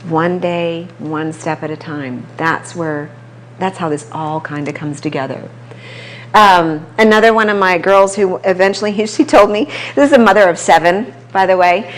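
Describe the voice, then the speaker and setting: Woman trainer telling client stories. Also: fairly low pitch. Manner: conversational storytelling, quick asides. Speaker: personal trainer. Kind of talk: casual talk to a small audience. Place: chiropractic office.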